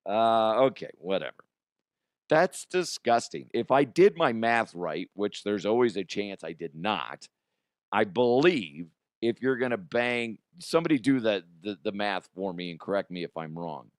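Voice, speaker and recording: Hoarse low-voiced man, crude joking host. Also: very animated, moderate pace, dry recording, studio quality. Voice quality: crude, joking, laughs often. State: hoarse, strained voice. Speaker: podcast host. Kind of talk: casual comedic news chat.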